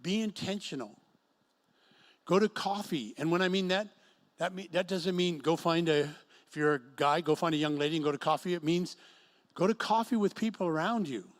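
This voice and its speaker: A middle-aged male pastor, his voice a little high and his pace moderate, preaches a sermon to a singles group in an event room. He tells stories and acts out the quotes within them.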